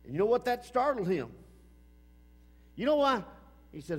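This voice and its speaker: Emphatic preacher man, lively high voice. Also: moderate pace, big-room sound. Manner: emphatic, repeats phrases, swings between loud and hushed. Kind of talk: sermon.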